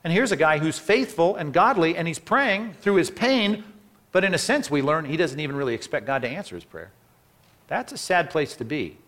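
A man preaching a sermon, animated and asking rhetorical questions, acting out the people in the story. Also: on the high side, normal speed. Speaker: pastor.

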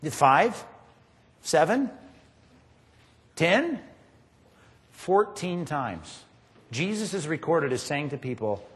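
A male pastor delivers a sermon with a high, lively voice that rises and falls sharply. He drives his points home with emphatic questions to the congregation. His voice carries a long reverb from the hall. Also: moderate pace. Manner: emphatic, animated preaching with rhetorical questions to the congregation.

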